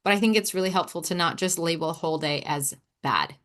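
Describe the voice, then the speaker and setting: A woman's voice: lowish voice, fast, a bit bright. A woman hosting a podcast, chatting in a casual monologue and acting out little quoted exchanges as she tells a story. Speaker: podcast host.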